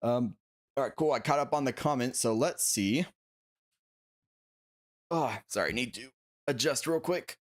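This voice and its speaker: A man's voice: mid-range voice, a little slow, pauses often. A young man casually chatting on a livestream about collectible figures and reading out viewer comments. He is talkative, laughs often and fills his talk with "like".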